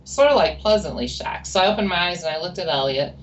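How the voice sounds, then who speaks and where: A woman's voice: on the low side, lively intonation, fast. A woman guest telling her story in a chatty, rambling interview with many asides. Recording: distant mic with faint noise.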